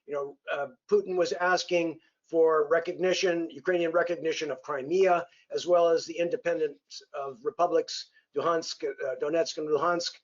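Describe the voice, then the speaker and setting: Halting moderator man, muffled audio. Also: fairly high pitch, steady tone. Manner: polite, halting, many fillers. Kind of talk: interview questioning.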